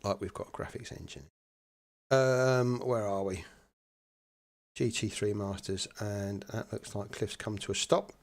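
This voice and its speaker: A man's voice: lowish voice, measured pace, creaky. Chatty sim racing commentator, a man. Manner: chatty, relaxed, many fillers. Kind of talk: live race commentary.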